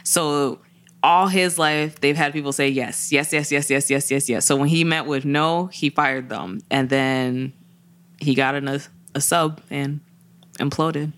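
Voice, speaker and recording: Telling a news story during a relaxed podcast conversation, a woman co-host acts out the people she quotes in lively, animated fashion. Her voice sits low and her pace is measured.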